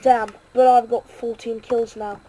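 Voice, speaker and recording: A woman with a high voice gives live commentary as she plays a game. She is excitable and self-mocking, and she swears and cheers in quick bursts. Clear background noise runs under her home mic. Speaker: gaming video creator.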